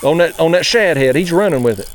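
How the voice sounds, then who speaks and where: Lively, ranting fishing vlogger. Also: male voice, a little high, quick pace. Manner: fired-up, profane, ranting. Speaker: fishing channel host. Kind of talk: casual vlog storytelling. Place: outdoors, fishing from a kayak.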